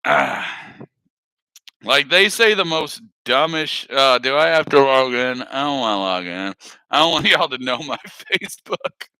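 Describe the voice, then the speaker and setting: A man's voice: mid-range voice, very animated, a little slow, bright, forceful tone, clear, resonant tone, dry recording, poor audio. A man on a live stream chatting casually, rambling, swearing a lot and laughing often.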